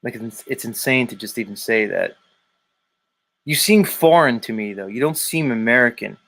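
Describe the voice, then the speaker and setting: A man's voice: mid-range voice, animated, moderate pace, creaky, fairly bright tone. A man hosting a daily live stream, reading viewer comments aloud and teasing commenters by name in a rambling, casual way. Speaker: livestream host reading chat.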